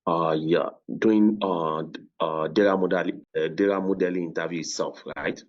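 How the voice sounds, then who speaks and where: A hesitant man joins a video call to ask a question, filling his pauses with fillers and restarting words. His voice is very deep. The call audio is dull and lo-fi. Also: fairly even intonation. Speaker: program participant.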